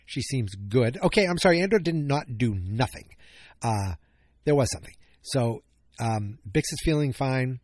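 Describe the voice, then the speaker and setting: A man's voice: mid-range voice, lively intonation, moderate pace, dry recording, clean studio sound. A man hosting a casual solo podcast recap, thinking aloud with many fillers and self-corrections, sounding a bit tired. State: yawning, tired. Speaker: podcast host.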